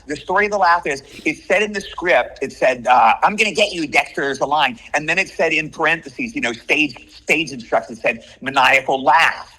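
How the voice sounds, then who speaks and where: An older man telling stories as an actor being interviewed, chatty and excitable. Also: fairly high pitch, low-quality recording. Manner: chatty storyteller, quick and excitable. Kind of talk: casual interview chat.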